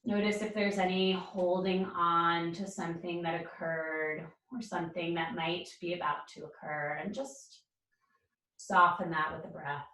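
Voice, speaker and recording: A woman leading a yoga class, calling out poses and breaths in calm, encouraging cues. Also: fairly low pitch, a little slow, distant mic, slight background noise. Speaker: yoga instructor. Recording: roomy echo, speaker away from mic.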